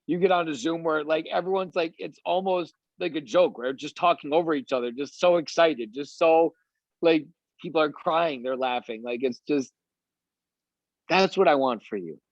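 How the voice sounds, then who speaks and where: Guy coaching his team on a video call, kinda high voice, rambly and fired up, dull dry audio. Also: normal speed, no room sound. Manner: eager, rambling, many fillers.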